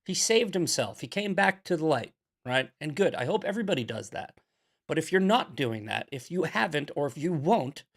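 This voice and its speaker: His voice sits on the high side as he runs his political commentary show. This American man rants in a preachy tone, swearing and repeating lines to drive them in.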